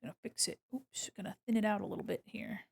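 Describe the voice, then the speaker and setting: A young woman streaming as she draws, chatting casually and muttering softly to herself as she works. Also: mid-range voice, quick pace, creaky, husky. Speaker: streamer drawing live. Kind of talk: casual chat while drawing.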